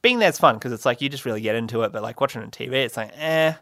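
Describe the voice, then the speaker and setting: A man's voice: medium pitch, racing, a bit bright, dry recording, clean studio sound. A young man hosting a solo comedy podcast, rambling and self-mocking with lots of fillers and laughs. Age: young adult. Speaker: podcast host.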